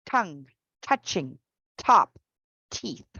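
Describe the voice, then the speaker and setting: A woman teaching an English pronunciation class online. She explains patiently and repeats each example slowly. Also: fairly low pitch, sing-song, bright, forceful tone, breathy edge, no room sound, muffled recording.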